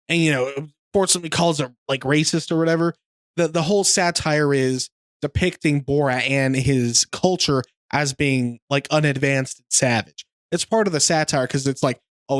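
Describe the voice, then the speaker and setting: A man's voice: on the high side, no room sound, studio quality. A young man co-hosting a podcast, casually retelling a film scene with lots of fillers. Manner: rambling storyteller, lots of fillers. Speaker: podcast co-host.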